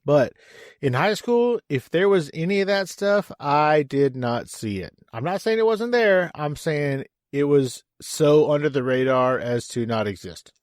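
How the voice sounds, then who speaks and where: A man's voice: a little high, animated, a little slow, dry recording, clean studio sound. Joking Texan man hosting a podcast. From San Antonio, Texas. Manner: joking, casual, swears freely. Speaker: podcast host. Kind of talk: casual interview with sponsor read.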